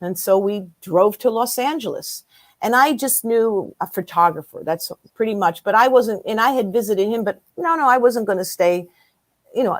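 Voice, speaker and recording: Animated woman telling a story. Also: mid-range voice, dry recording. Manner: animated storyteller who acts out quoted dialogue. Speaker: guest. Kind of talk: casual storytelling in an interview.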